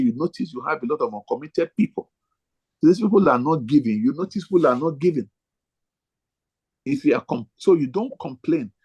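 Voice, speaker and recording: A man's voice: fairly high pitch, a little mellow, slightly rough, low-quality recording. A man, a pastor teaching other pastors in a sermon style, emphatic and repeating his key phrases.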